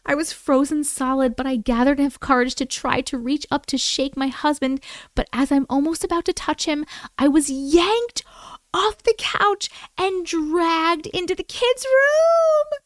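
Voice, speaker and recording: A woman hosting a live stream, reading viewer stories aloud and reacting with animated exclamations and swearing. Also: high-pitched, measured pace, no room sound.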